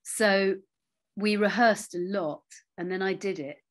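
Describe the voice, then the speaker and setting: A middle-aged woman, an actress, telling anecdotes in a relaxed interview, with quiet asides and lively storytelling. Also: mid-range voice, takes it slowly.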